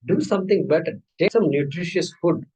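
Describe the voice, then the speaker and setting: Male teacher, fairly high voice, relaxed lecturing tone, quizzes the class. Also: a little fast, husky, low-quality recording. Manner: conversational teaching, asks the class questions. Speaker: Vedanta teacher.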